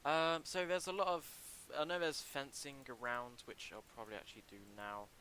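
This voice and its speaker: A young man casually commenting on a livestream while building a game level, talking in a halting, chatty way with many ums and restarts into a desk mic. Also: medium pitch, lively intonation, pushed and bright, a little hiss or hum, rough recording.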